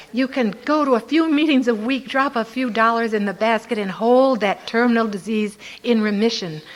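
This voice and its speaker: An older woman giving a personal testimony to a recovery meeting, telling her story in an animated way and acting out her own inner voice. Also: fairly high pitch. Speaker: Al-Anon speaker.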